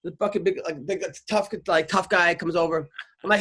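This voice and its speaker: A man's voice: high-pitched, fairly even intonation, brisk, bright, forceful tone. A middle-aged man hosting a podcast, telling a rambling story in casual chat, stammering, restarting and swearing freely. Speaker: podcast host.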